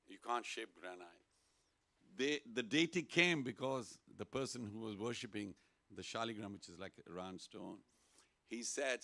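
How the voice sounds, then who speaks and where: In a temple hall, a lively man with a gravelly, fairly low voice gives an informal sermon to the congregation. He keeps things playful and leads them in call-and-response chanting.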